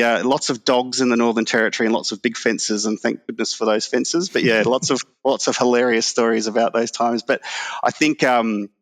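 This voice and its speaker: An Australian man being interviewed, recalling campaign memories in an easygoing way with many fillers. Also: mid-range voice. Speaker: guest, former political staffer. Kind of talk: casual interview chat.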